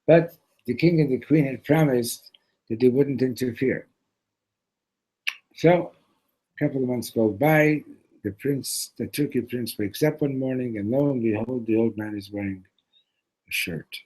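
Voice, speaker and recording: A man's voice: mid-range voice, measured pace, pauses often, dark tone, poor audio. A man teaching a religious lesson through a parable, loose and conversational with restarts and Hebrew terms. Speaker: Torah teacher. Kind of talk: storytelling lesson.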